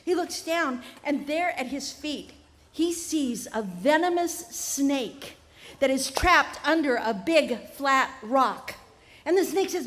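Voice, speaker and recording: A woman tells a fable in a lively, chatty way at a family festival. Her voice sits high, and the tent gives a long reverb. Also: takes it slowly. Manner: animated, conversational, playful. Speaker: storyteller. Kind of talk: live storytelling for families.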